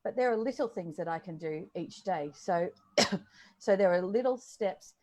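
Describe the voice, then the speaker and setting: A woman's voice: on the low side, expressive, a little slow, a little mellow, a little hiss or hum. A woman co-hosting a coaching talk, speaking encouragingly with many fillers. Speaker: co-host and coach. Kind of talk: casual chat.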